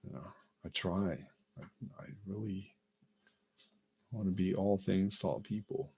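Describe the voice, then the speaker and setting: A deep-voiced man with a gravelly, husky rasp, rambling through a comic monologue. He talks slowly and haltingly, chuckling at his own ideas as he circles back and restarts. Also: steady tone, darkish tone. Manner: halting, self-amused, lots of fillers and restarts. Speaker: vlogger.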